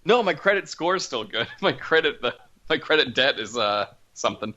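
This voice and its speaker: A man's voice: medium pitch, sing-song, fairly quick, pushed and bright, highs cut off. A man co-hosting a wrestling talk podcast, telling a story in casual chat and laughing as he goes. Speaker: podcast co-host.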